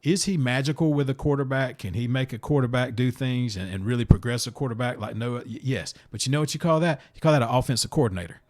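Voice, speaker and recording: A man talks casually as a podcast host, with a voice of ordinary middle pitch for a man. He rambles, stumbles and repeats himself, then lands blunt, animated opinions. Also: quick pace, hardly any pauses. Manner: rambling, self-interrupting, repeats words.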